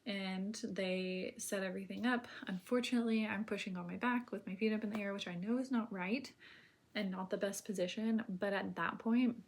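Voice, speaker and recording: A woman telling her own birth story in casual, rambling speech full of filler words, now and then dropping to a soft near-whisper. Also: medium pitch, steady tone, normal speed.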